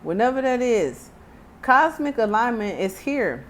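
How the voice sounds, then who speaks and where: A woman's voice: a little high, big pitch swings, a little slow, slight background noise. A woman in her thirties with a Texan accent, giving a casual tarot card reading with chatty, joking asides while she reads the card text aloud. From Texas. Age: 30s. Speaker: tarot reader.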